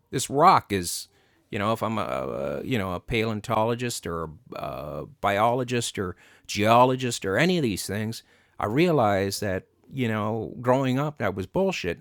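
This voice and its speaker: A man's voice: fairly low pitch, no echo, clean studio sound. A man hosting a casual chat, talking bluntly and profanely, with lots of fillers and restarts. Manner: blunt and profane, animated rants. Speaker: podcast host.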